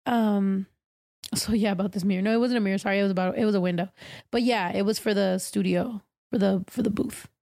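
A young woman co-hosting a podcast, chatty and expressive, swearing and laughing easily. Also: medium pitch, quick pace, vocal fry, no room sound, clean studio sound. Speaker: podcast co-host. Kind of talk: casual chat.

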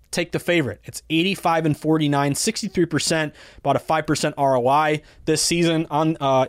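A man's voice: fairly high pitch, dry recording. A man in his thirties hosting a casual sports betting podcast, chatty and enthusiastic as he rattles off odds and stats. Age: 30s. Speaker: podcast host, betting analyst.

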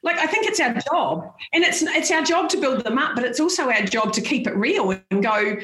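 A frank, outspoken woman in her forties, chatting as a podcast guest. Her voice sits a little high, and she laughs often. The room gives her a roomy echo. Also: expressive, brisk, a bit bright. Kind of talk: casual chat.

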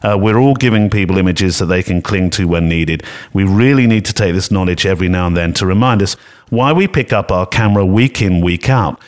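A man co-hosting a podcast in an echoey home studio room, talking in a chatty, rambling way with a smooth, velvety voice and frequent laughter. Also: low voice, a little fast. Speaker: podcast co-host. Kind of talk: casual podcast chat. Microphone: podcast mixing desk microphone.

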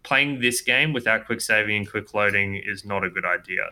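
A man's voice: fairly low pitch, moderate pace, pushed and bright. A man co-hosting a game review podcast in casual chat, opinionated. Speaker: podcast co-host reviewing games.

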